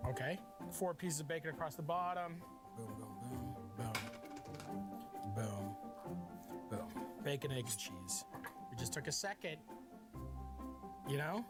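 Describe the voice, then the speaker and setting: A man hosting a cooking show, playful and excitable, cracking crude jokes as he cooks. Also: mid-range voice, unhurried, pauses often, over loud music. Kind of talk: energetic cooking demonstration.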